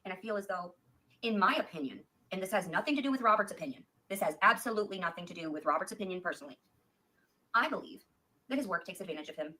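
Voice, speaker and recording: A woman's voice: fairly low pitch, lively intonation, fast, sharp tone, poor audio. A woman vlogger talking in a gushing, rambling, spiritual way about her partner. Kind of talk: earnest confessional vlog talk.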